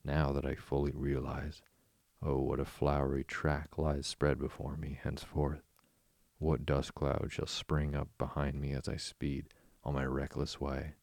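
A man's voice: very deep voice, flat delivery, unhurried, vocal fry, dark tone, no echo, full character voice. A man voicing a dreamy, boastful male toad obsessed with motor cars, murmuring rapturously in a storybook reading. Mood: dreamy rapture.

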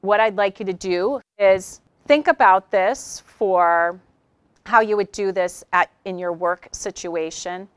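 A woman's voice: medium pitch, takes it slowly, clear, resonant tone, no room sound. A woman trainer giving a conversational instructional talk, acting out short example dialogues as she explains. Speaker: communication trainer.

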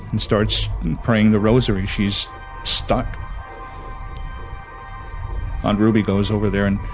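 A man from Hawaii telling a personal ghost story in a measured, dramatic, conversational way. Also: on the low side. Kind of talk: spoken storytelling. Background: music.

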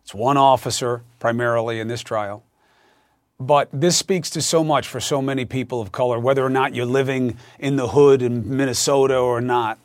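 A man's voice: mid-range voice, fairly even intonation, normal speed, dry recording, studio quality. A man hosting a news show, introducing stories and guests in an emphatic, conversational way. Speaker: host. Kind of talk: news commentary and interview.

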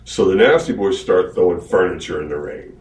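A man's voice: sits low, brisk, echoey room, distant mic, poor audio. A man casually telling a rambling story about an old wrestling match. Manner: rambling, animated retelling. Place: archived interview played on a podcast.

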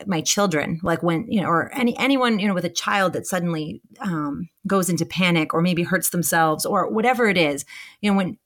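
A woman in her thirties co-hosting a podcast, talking in a calm, reflective way with many fillers and restarts. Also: lowish voice. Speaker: podcast co-host. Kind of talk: casual podcast chat.

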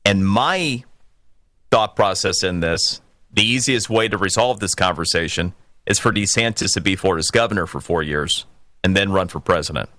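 A man hosting a political call-in radio show, opinionated and emphatic, building to forceful peaks. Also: deep voice, moderate pace, no room sound. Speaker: radio talk show host.

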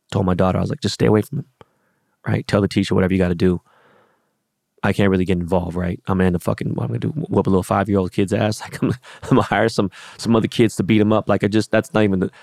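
A man with a low, gravelly voice talks in a loose, rambling monologue, blunt and heavy on swearing. The sound is dry and close, with no room around it. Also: a little mellow, dry recording. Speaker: social media personality. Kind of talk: casual monologue storytelling.

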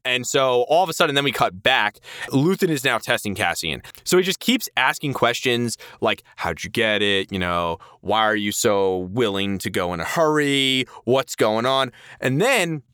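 A man co-hosts a podcast, casually recapping a TV episode and animatedly acting out the characters' lines as he retells it. His voice is mid-range at normal speed, with a clean, studio-quality tone and no room sound.

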